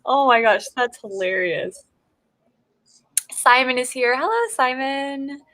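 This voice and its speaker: A woman chats casually while hosting a livestream and reads viewer messages aloud. Her voice is bright and forward, recorded close and dry. She giggles a lot and stumbles over words. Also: high-pitched, takes it slowly, dry recording. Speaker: livestream host reading chat.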